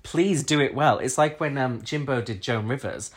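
A man's voice: medium pitch, moderate pace, husky. A man from Britain co-hosting a podcast, giving frank, opinionated takes in casual chat. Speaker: podcast co-host. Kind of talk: casual chat reviewing a TV episode.

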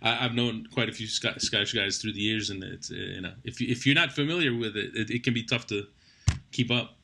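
A man's voice: fairly low pitch, brisk, gravelly, bright, forceful tone. A man hosting a sports talk show, interviewing a guest in a rambling way and repeating words as he restarts.

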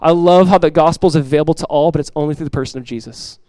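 A middle-aged man preaching a sermon as pastor to his church, earnest and direct, repeating key lines and acting out everyday voices with lively emphasis. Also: on the high side, very fast, clean tone, dry recording, poor audio. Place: church sanctuary.

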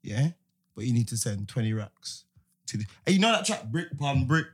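A man's voice: medium pitch, big pitch swings, moderate pace, breathy edge. A man in casual podcast banter, slangy and repetitive, forever tagging on "innit". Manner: slangy, repeats himself.

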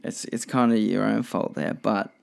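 A young man with a low, gravelly voice, hosting a loose solo podcast. He rambles, restarts his sentences and swears freely. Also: steady tone, normal speed. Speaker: podcast host. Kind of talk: casual solo podcast chat.

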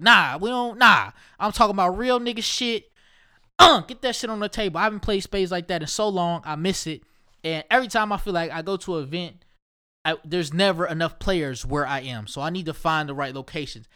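A man from Ohio delivers a loose, profane rant, circling back to the same points with heavy emphasis. His voice sits noticeably high for a man. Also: bright, forceful tone, clean tone. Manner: profane, emphatic, repeats himself. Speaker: solo commentator. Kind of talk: casual rant monologue.

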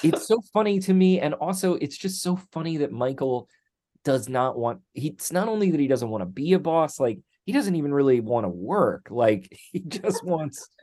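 Male co-host, animated intonation, enthusiastic and quick to laugh, casual podcast chat. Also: on the high side.

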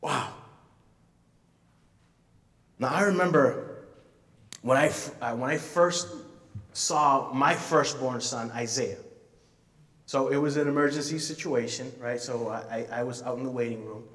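A man preaching a sermon, telling a story in an animated way with playful asides. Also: mid-range voice, measured pace, long pauses, recorded from a distance. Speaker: pastor. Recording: reverberant hall from off-mic.

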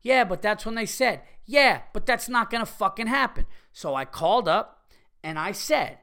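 A middle-aged man hosting a casual comedy podcast, ranting profanely and excitably as he reads listener emails. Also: high voice, moderate pace. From Italian-American heritage.

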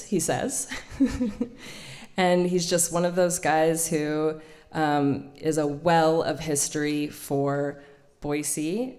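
A woman with a low voice for her sex tells a personal story to a live audience. She is in her thirties and hosts the evening. She talks in a chatty way, laughs often, and fills pauses with small hesitations. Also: darkish tone. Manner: chatty, laughing, many fillers. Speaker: storytelling event host and storyteller.

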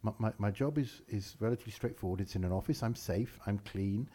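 Playful man, dark husky voice. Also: fairly low pitch, fast. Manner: playful, breaks into silly accents. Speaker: podcast co-host. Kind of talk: casual chat.

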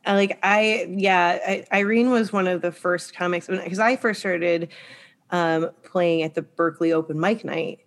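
A woman's voice: lowish voice, steady tone, normal speed. A woman in casual podcast talk, thoughtful and searching for her words. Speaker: podcast guest poet and comic.

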